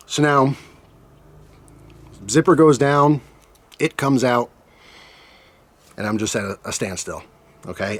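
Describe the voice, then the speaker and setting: Guy telling a funny storytime vlog, kinda animated, jokes around, normal mid pitch. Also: no echo. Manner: animated, joking, acts out his own reactions. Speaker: storytime vlogger. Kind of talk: casual storytelling.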